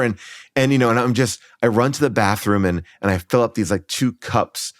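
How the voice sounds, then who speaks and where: A man's voice: medium pitch, normal speed, a bit bright, no room sound, studio quality. A man in his forties, a podcast guest, telling a funny childhood story with lots of fillers and restarts, acting out his own lines. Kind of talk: comic storytelling.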